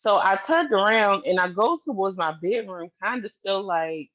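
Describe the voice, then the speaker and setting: A woman's voice: medium pitch, animated, moderate pace, few pauses, fairly bright tone, lo-fi sound. A woman telling a personal story to her viewers in a candid, casual way, swearing freely and speaking straight to the audience. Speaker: vlogger.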